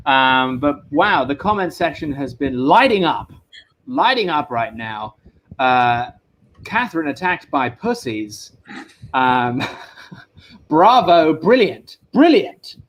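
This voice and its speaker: A man's voice: mid-range voice, lively intonation, takes it slowly, a bit bright. A man hosting an improvised comedy livestream, playful and laughing between storytelling and banter. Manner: playful, laughing, hesitant fillers.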